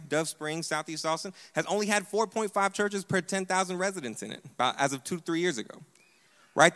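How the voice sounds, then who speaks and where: A man preaching a sermon to his church congregation, animated and emphatic, often urging "hear me". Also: high-pitched, in a large hall. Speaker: pastor. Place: church sanctuary.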